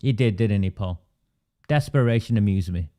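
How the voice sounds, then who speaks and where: A man's voice: fairly low pitch, moderate pace, dark tone. A man hosting a political livestream, emphatic and indignant, stopping to answer viewer comments. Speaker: livestream host.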